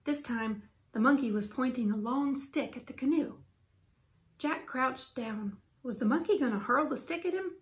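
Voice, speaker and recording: Expressive woman reading a children's book. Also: high voice, moderate pace. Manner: lively, expressive storytelling. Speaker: teacher reading aloud. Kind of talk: children's book read-aloud. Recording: roomy echo.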